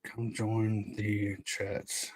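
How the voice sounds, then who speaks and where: Pria podcaster santai yang sering tertawa. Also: male voice, on the low side, monotone, extremely slow. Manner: laughs often, jokes and riffs with chat while reading notes. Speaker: podcast host. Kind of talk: casual solo podcast reading to a live chat.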